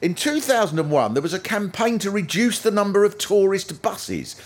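A man's voice: high-pitched, normal speed. A man doing a stand-up comedy routine on stage, acting out the people he quotes. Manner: animated, acts out quoted characters. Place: theatre with a live audience. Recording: noisy live stage recording. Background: audience laughter.

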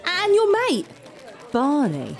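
A woman's voice: high-pitched, huge pitch swings, slow, exaggerated voice. A woman playing a brash, cheeky date.

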